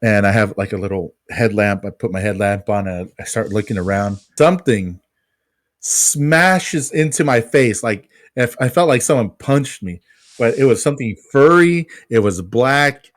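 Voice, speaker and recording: A man's voice: lowish voice, lively intonation, moderate pace, no echo, clean studio sound. A man co-hosting a podcast, telling a self-mocking story about his work as a pest control technician.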